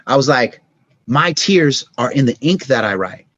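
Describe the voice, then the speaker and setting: A middle-aged man, guesting on a podcast, tells stories casually with lively intonation at a normal speed and a medium pitch, acting out scenes with sound effects and growing soft and reflective at emotional points. The audio is dull, with no room sound.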